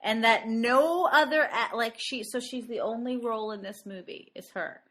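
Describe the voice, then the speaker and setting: A woman co-hosting a podcast, chatting casually and laughing easily as she talks over a film. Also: a little high. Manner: lively, chatty, quick to laugh. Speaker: podcast co-host. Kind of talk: casual movie-review chat.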